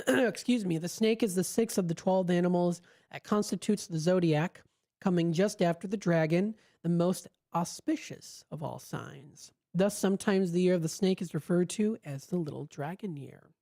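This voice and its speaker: A woman radio host reading an article aloud in a casual, relaxed way, stumbling over words now and then with fillers and restarts, speaking into a studio microphone. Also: lowish voice.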